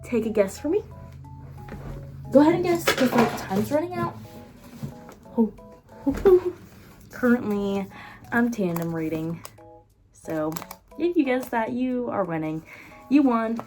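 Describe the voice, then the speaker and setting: A woman book vlogger in casual chat, rambling and excitable with frequent laughs. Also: a little high, a little slow, pauses often, faint music behind.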